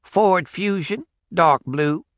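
A man's voice: high-pitched, slow pace, a bit bright, no room sound, clean studio sound, pitched above the performer's own voice. A man voicing a laconic old rural backwoods man with clipped, folksy replies.

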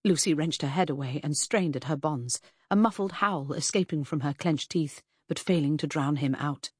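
A woman reading an audiobook as narrator in a measured, even way. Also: low voice, breathy edge, no echo, studio quality. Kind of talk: scripted narration.

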